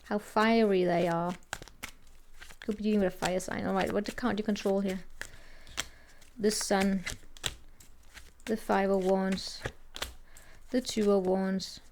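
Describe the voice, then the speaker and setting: A woman's voice: medium pitch, little pitch movement, slow pace, pauses often, darkish tone, a little hiss or hum. A woman giving a casual tarot reading, thinking aloud and rambling with many restarts. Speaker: tarot reader.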